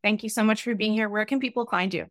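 A woman's voice: medium pitch, fast talker, no room sound, clean studio sound. A woman hosting a podcast, speaking in a heartfelt, emotional way. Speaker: podcast host. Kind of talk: podcast conversation.

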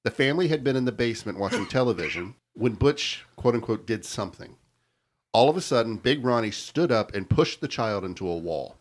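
A man's voice: medium pitch, animated, fairly quick. A man co-hosting a podcast, steadily reading out a crime story in casual chat and stumbling over hard names. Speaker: podcast co-host telling the story.

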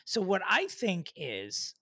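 A man co-hosting a podcast in casual chat, rambling through a funny story and quick to joke. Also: high voice, wildly swooping pitch, pushed and bright. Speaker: podcast co-host.

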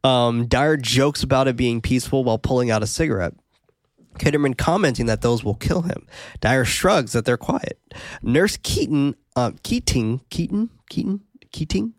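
A man's voice: medium pitch, moderate pace, no echo. A man casually recapping a horror movie for a podcast, laid-back, with fillers and laughs. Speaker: podcast host.

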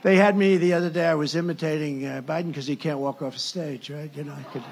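A man's voice: fairly high pitch, steady tone, quick pace, vocal fry, darkish tone, slight background noise. A male candidate giving a campaign rally speech, rambling and sarcastic, often breaking off mid-sentence to restart. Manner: rambling, sarcastic, with self-interruptions. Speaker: presidential candidate.

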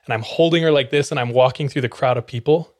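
A man's voice: mid-range voice, fast talker, a little mellow. A young man, a podcast host, telling a funny personal story in casual chat, laughing often and swearing freely.

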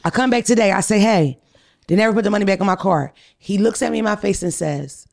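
A woman's voice: medium pitch, fast, gravelly, darkish tone. A woman hosting a podcast, telling stories in a blunt, profane, casual way. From United States. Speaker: podcast host.

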